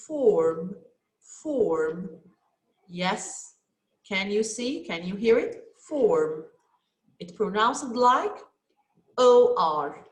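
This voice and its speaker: A woman with an Egyptian Arabic accent teaching a children's English lesson online, patient, repeating each word for her students. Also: medium pitch. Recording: echoey room.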